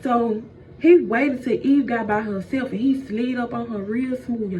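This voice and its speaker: A woman's voice: fairly high pitch, normal speed, mellow. A woman telling a comedic story in a casual, slangy way, calling her listeners y'all, recorded dull and distant with faint noise.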